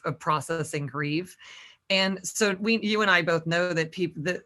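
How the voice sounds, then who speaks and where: A woman hosting an interview, asking questions in a halting way, with many fillers. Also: sits low, pushed and bright. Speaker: host and interviewer.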